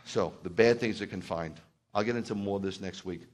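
In a low voice and at a fairly quick clip, a middle-aged rabbi preaches conversationally. He drops to quiet asides and then climbs to excited, loud outbursts.

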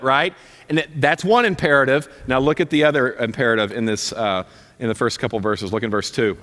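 A man's voice: medium pitch, fairly quick, fairly bright tone. A man preaching from the pulpit in a mid-range voice, pressing his points with blunt repeated commands. His sermon rings through a reverberant church hall. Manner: emphatic, repeats commands, direct and punchy. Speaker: pastor. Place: church sanctuary.

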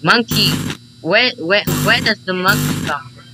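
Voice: medium pitch, a little slow, poor audio. A gamer giving live commentary on a horror game, panicking, repeating short phrases and swearing under stress. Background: loud game music.

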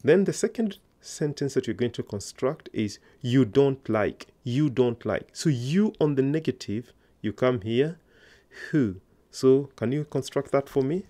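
A man's voice: mid-range voice, lively intonation, measured pace, warm tone. A man teaching a Swahili lesson online, explaining grammar step by step and encouraging learners to repeat after him.

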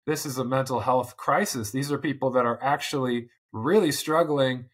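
Thoughtful and earnest, a man in his forties reflects as a podcast guest in an interview, often restarting his sentences. He talks at a moderate pace in a medium-pitched voice with a breathy edge.

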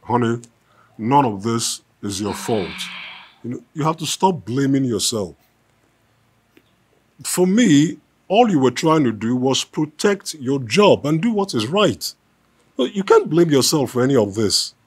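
A man's voice: medium pitch, very animated, a little slow, slightly rough. An actor playing a husband who comforts his grieving wife, speaking in a soothing, pleading and reassuring way. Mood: consoling. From Nigeria. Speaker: actor in a film. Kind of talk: film drama acting.

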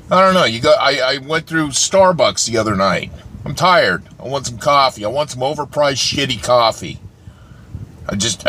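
A man's voice: mid-range voice, fairly bright tone, slight background noise. Foul-mouthed ranting man. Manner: angry, swearing, exasperated. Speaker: vlogger. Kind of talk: profane comedic rant.

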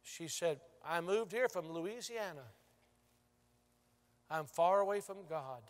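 A male pastor preaching a sermon, telling stories and moving from loud to hushed. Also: high-pitched, expressive, slow. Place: large church sanctuary. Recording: long church reverb.

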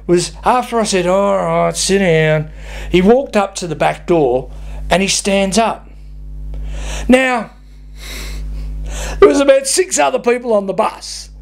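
A man's voice: sits high, unhurried, creaky, pauses often. A man, a bus driver ranting bluntly and swearing as he tells comic stories to camera. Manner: blunt, sweary, laughing at his own stories.

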